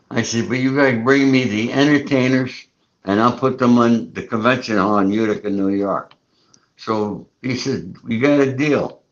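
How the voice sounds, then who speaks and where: A man's voice: medium pitch, fairly bright tone. A man hosting a casual chat, telling a rambling, profane story and acting out the dialogue he quotes. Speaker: show host. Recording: muffled lo-fi audio.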